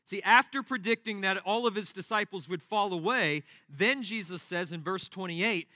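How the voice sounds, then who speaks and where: Male pastor, sermon, emphatic, bright high voice, dry close sound. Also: normal speed, hardly any pauses, dry recording. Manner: emphatic, repetitive exhortation.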